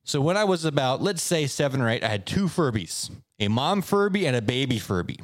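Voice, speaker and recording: A man co-hosting a podcast, telling stories in a casual, animated way. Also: brisk, dry recording, studio quality. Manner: animated storyteller, swoops up in pitch for effect. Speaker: podcast co-host. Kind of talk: casual chat, reading stories aloud.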